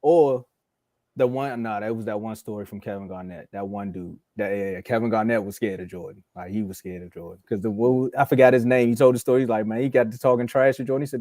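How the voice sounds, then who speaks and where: A man with a middle-range voice trades basketball stories on a podcast, relaxed and casual. He slips into the voices of the people he quotes, and the sound is close and dry. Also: medium pitch, quick pace, dry recording. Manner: relaxed storyteller who acts out quotes. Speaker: sports podcast co-host. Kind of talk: casual sports debate.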